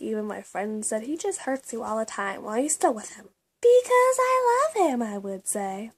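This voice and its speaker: A young woman vlogging about her personal journal in a confessional, halting way, with many fillers and restarts. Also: mid-range voice, darkish tone. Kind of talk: casual personal vlog.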